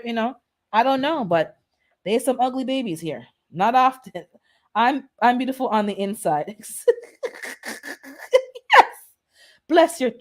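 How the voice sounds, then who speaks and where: Blunt, sarcastic woman rambling on a stream. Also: fairly high pitch. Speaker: gardening channel host. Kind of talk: casual live-stream chat.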